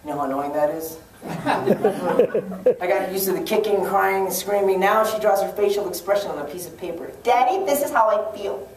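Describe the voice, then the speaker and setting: A man's voice: high-pitched, normal speed. A man from Hawaii performing a laid-back, self-deprecating stand-up comedy set in a library event room. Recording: echoey room from a distant mic, noisy.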